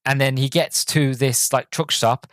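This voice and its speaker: Rambling podcast host. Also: male voice, mid-range voice, steady tone, measured pace, fairly bright tone, no room sound, studio quality. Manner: rambling, enthusiastic, many restarts. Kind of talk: casual movie review.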